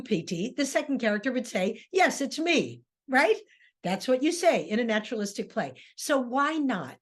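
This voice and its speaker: An older woman, a theater director, giving an informal classroom lecture with many fillers and restarts, acting out quoted lines with sudden pitch jumps. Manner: thoughtful, with frequent fillers and restarts.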